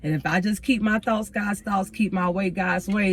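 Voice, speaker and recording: A woman's voice: mid-range voice, fairly even intonation, normal speed, few pauses, slight background noise. A woman, a teacher, sitting in her car and telling a personal story to viewers in a casual, earnest and reflective way, with spiritual turns. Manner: casual, addresses viewers as y'all. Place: inside a parked car.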